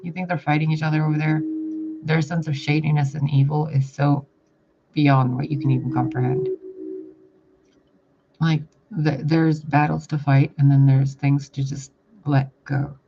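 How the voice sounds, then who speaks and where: Loud background noise fills the dull lo-fi recording of a man giving a casual channeled spiritual message. This spiritual reader has a slightly high voice with vocal fry, a level tone and normal speed, and he rambles bluntly while swearing casually.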